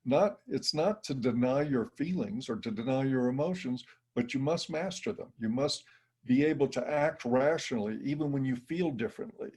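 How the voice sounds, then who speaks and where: A man's voice: mid-range voice, normal speed, mellow, breathy edge. A middle-aged man giving an emphatic, blunt interview answer. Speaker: interview guest. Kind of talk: interview conversation.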